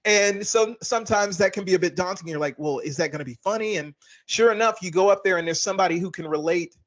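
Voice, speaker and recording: Brief: high-pitched male comic, chatty and hesitant, muffled sound. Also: fast. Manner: hesitant, many "uh" fillers. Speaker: comedian guest. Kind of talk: casual interview chat.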